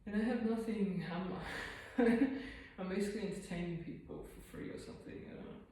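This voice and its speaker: A woman's voice: medium pitch, moderate pace, warm tone. A woman fitness vlogger chatting casually between sets of a home workout, rambling and self-deprecating with lots of fillers. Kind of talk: casual chat while working out. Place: room at home. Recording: echoey room, mic at a distance.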